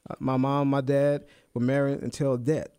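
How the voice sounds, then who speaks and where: A man in his thirties co-hosting a faith podcast, talking in a halting way with many fillers and restarts. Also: medium pitch, little pitch movement, dark tone, clear, resonant tone, dry recording, clean studio sound. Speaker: co-host. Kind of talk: casual faith podcast conversation.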